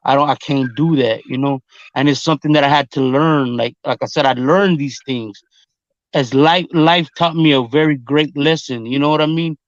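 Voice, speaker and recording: A man's voice: medium pitch, normal speed, no echo. Blunt, profane man, muffled lo-fi recording. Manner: blunt, profane, repeats himself. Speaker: rapper and guest. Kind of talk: casual storytelling chat.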